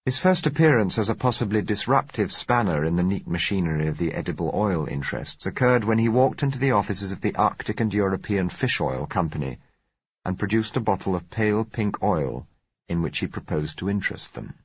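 A man reading a story aloud in a measured, dry manner, his voice very low and husky. The recording is dull and lo-fi, with a dry, close sound and no room echo. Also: lively intonation. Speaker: narrator. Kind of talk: audiobook narration.

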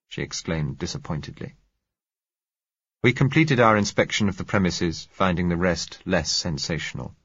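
A man narrating an audiobook in a measured, dramatic reading. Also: deep voice, animated, a bit bright, slightly rough, dry recording. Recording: dull, dry recording.

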